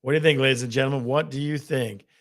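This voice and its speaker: A man's voice: mid-range voice, steady tone, fast. A man hosting a live quiz with game-show countdowns, laughing often at his own jokes. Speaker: host.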